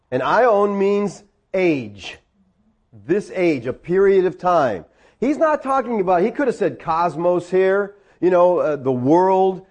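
A man's voice: sits high, a little mellow. A man preaching a sermon as pastor, conversational, with teasing asides to his congregation in a church.

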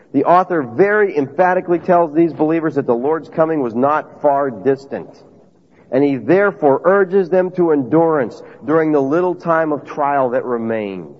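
High-voiced preacher, husky. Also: male voice. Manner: emphatic, conversational, asks the audience questions. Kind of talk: sermon. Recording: dull lo-fi audio with long reverb.

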